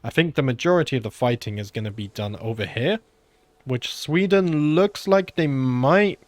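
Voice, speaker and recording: A man's voice: medium pitch, animated, moderate pace, dry recording. A man with a British accent giving casual let's-play commentary on a strategy game, musing aloud with frequent filler sounds and sounding slightly under the weather. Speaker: gaming channel host.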